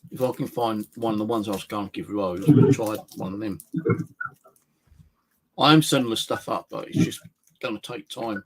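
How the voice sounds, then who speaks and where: A man streaming live from his flat as a ghost hunter, muttering to himself between calls out to spirits. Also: fairly low pitch, normal speed, long pauses, background noise. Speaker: paranormal investigator streaming live. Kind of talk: casual live-stream monologue. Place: at home in his flat, indoors.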